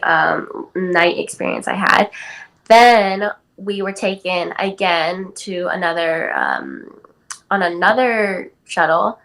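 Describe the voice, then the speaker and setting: A woman's voice: fairly low pitch, very animated, slow pace, vocal fry, a bit bright, rough recording. An eighteen-year-old woman from California, telling a personal story as a podcast guest in a casual way, full of "like" and "um". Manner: chatty, many "like" and "um" fillers. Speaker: guest athlete.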